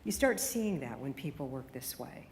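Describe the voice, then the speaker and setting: A woman's voice: very deep voice, big pitch swings, gravelly, darkish tone, slight background noise. Emphatic woman questioning a conference hall. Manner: emphatic, rapid-fire rhetorical questions. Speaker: radio consultant giving a keynote. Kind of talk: conference keynote. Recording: hall reverb with faint room ambience.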